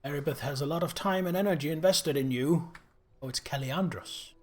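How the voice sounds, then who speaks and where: A man's voice: a little high, brisk, a little mellow, natural voice. A man reading the lines of a blunt, no-nonsense male portal keeper.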